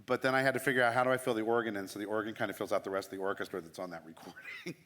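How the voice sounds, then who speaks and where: Racing along in a low-side, slightly bright voice with fairly even intonation, a man who leads church music enthusiastically explains what he does. He's chatty and pokes fun at himself, while the church sanctuary adds long hall reverb.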